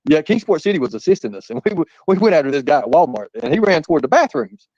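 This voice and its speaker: Fast-talking man telling stories. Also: fairly high pitch, very animated, a little mellow, dry recording. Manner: rambling, laughing, profane anecdotes. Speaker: guest storyteller. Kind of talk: casual storytelling. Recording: muffled lo-fi audio.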